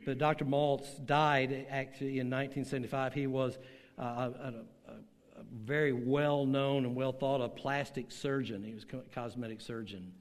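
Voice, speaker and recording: An older man preaching a sermon, telling a story slowly and emphatically with dramatic pauses, to a church room and an online audience. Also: mid-range voice, steady tone. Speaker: pastor. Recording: long hall reverb.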